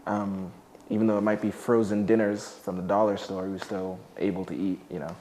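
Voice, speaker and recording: A warm-toned, lowish male voice with a flat delivery moves a little fast over slight background noise. The speaker, a formerly homeless young adult, gives a laid-back, jokey tour of his own apartment indoors, with many "like" fillers.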